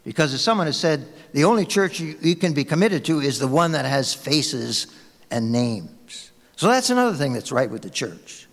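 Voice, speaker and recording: Storytelling male pastor, lively pitch. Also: moderate pace, in a large hall. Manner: storytelling, conversational, warm anecdotes. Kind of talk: sermon.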